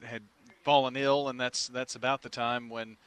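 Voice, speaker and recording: Bright, smooth-voiced male radio host. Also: medium pitch, level tone. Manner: friendly, halting, many uh and um fillers. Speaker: radio sports talk show host. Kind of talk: casual radio interview. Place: restaurant patio outdoors.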